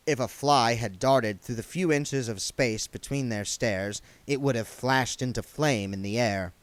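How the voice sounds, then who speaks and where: A man's voice: mid-range voice, a little slow, hardly any pauses, dry recording. A man reading a novel aloud, narrating expressively. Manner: expressive storytelling. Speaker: reader. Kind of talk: audiobook narration.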